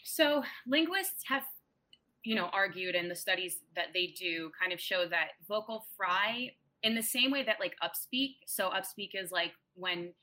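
Bright-voiced young woman explaining linguistics. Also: mid-range voice, animated, unhurried. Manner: explains patiently, heavy use of "like" and "right?". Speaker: guest linguist. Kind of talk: casual podcast explanation.

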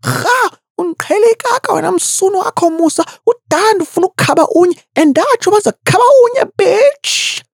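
A woman's voice: animated, a little fast, vocal fry, few pauses, no echo, studio quality, full character voice. A woman voicing a furious young woman who screams insults mid-fight. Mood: furious shrieking. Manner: shrieking insults, high and frantic.

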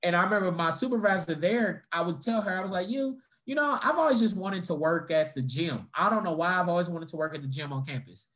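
A young man with a high voice talks fast and with few pauses as he tells stories in casual chat. He's animated, swears as he goes, and performs the voices of the people he quotes.

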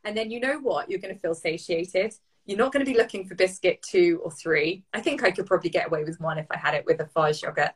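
A woman's voice: lowish voice, fast, hardly any pauses, slightly rough, low-quality recording. A woman chatting casually as a coach on a podcast, with lots of fillers and playful asides. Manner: chatty, frequent fillers, voices inner thoughts playfully. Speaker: coach and co-host.

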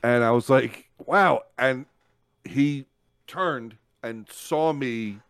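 Very slowly, a medium-pitched podcast co-host unspools a long story in casual chat, animated throughout, swearing freely and acting out what people said. The sound is clean, dry, and studio quality.

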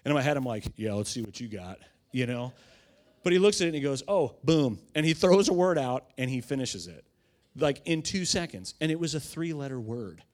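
A man's voice: fairly high pitch, animated, fairly quick. Man preaching a conversational sermon. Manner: conversational storytelling, swells to emphatic proclamation. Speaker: pastor.

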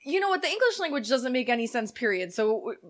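A woman's voice: high-pitched, very animated, fast talker. Joking woman. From Western New York. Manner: blunt, joking, swears freely. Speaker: podcast co-host. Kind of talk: casual comedic chat.

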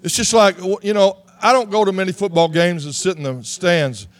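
Man, pastor, sermon, high voice, animated, shouts at peaks. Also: fairly quick, no echo. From Texas.

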